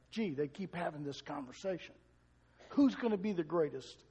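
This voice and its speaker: An older man preaching a sermon, telling stories with emphatic swells and soft asides. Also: sits high, moderate pace, slightly rough, in a large hall. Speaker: pastor.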